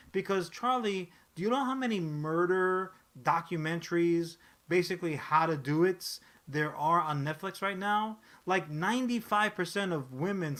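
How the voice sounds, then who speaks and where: Man, casual podcast chat, profane, rambling, restarts, bright tone. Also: high voice. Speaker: podcast co-host.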